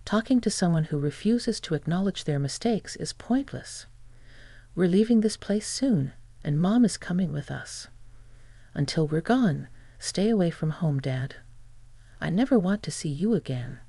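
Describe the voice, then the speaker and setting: A text-to-speech reader voicing an angry, incredulous adult daughter in a flat delivery. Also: female voice, on the low side, a little slow, dry recording. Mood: furious.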